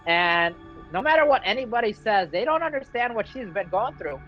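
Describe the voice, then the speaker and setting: A vlogger casually recapping a game's story in an excitable, slangy way. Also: mid-range voice, normal speed. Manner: excitable, slangy, acts out character quotes. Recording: dull lo-fi with faint music.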